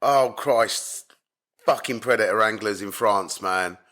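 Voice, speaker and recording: A man, a carp angler from the UK, telling stories as a podcast guest in a blunt, animated way, swearing often. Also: lowish voice, takes it slowly. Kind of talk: casual storytelling chat. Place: home in Spain.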